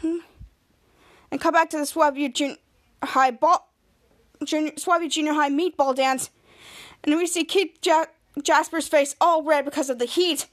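Woman podcaster recapping a show, high voice, lots of "and he, and he" restarts. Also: steady tone, measured pace, pauses often. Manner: rambling retelling with restarts, voices quotes. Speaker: podcast host. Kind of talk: casual episode recap.

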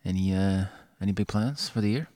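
Low-voiced young man in casual podcast chat. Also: fairly quick, dark tone, no room sound, studio quality. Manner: joking, swearing, laughing often. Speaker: podcast co-host.

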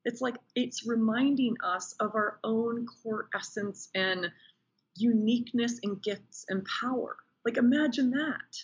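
Husky-voiced woman, animated podcast guest. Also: fairly high pitch, unhurried, dull audio. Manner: enthusiastic, animated storyteller. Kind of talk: casual interview chat.

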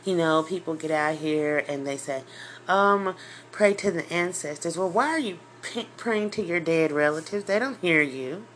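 A woman's voice: on the low side, moderate pace, fairly bright tone, slight background noise. A woman preaching an informal sermon, emotional and near tears, rising into impassioned, emphatic outbursts.

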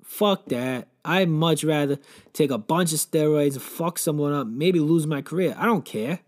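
A brash man with a slightly high voice rants through a crude comic story, swearing constantly. He rambles from one gripe to the next in a loose podcast style. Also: moderate pace. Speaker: comedy podcast host. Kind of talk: crude comedic rant.

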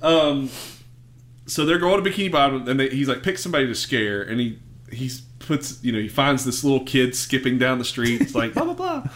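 A man chatting casually as a podcast host, retelling a cartoon episode with animated storytelling. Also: mid-range voice, moderate pace. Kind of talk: casual chat.

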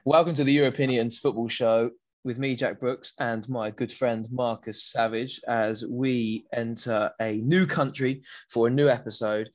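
A man's voice: medium pitch, steady tone, moderate pace, dry recording. A man hosting a casual football podcast, chatty and rambling, often restarting his sentences. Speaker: podcast host.

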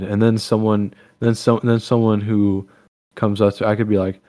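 A man's voice: lowish voice, level tone, normal speed, mellow. Teasing young man in casual chat. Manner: teasing, joking, fishing for compliments. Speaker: podcast co-host.

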